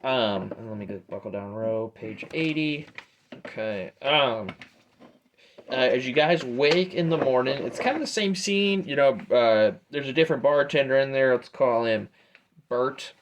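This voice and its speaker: A man's voice: medium pitch, measured pace, a little hiss or hum. Easygoing male game master. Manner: relaxed, rambling with many fillers. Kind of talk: narrating a tabletop game.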